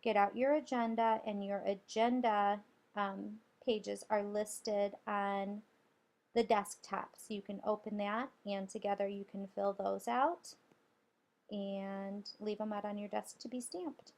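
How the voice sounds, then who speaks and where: A woman's voice: mid-range voice, steady tone, a little slow, vocal fry, darkish tone. A woman teacher guiding children through a spelling lesson, patiently sounding out letters and syllables.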